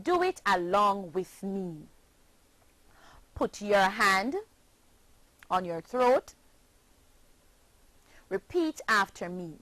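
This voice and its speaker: Very slow, deliberate woman teaching. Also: mid-range voice, big pitch swings, fairly bright tone, dry recording. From Jamaica. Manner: slow, deliberate, spells out letters one by one. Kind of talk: scripted pronunciation lesson.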